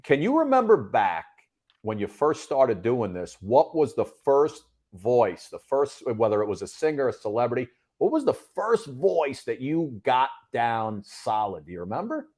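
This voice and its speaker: A man's voice: medium pitch, very animated, a little slow, a little mellow. A man co-hosting a talk show, playful and enthusiastic as he interviews a guest. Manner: playful, enthusiastic, calls people "baby".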